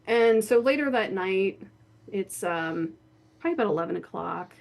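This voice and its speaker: A woman guest telling a personal story in a casual, animated way, laughing often and saying "like" a lot. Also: medium pitch, moderate pace, creaky. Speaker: guest, horror author and spirit board practitioner.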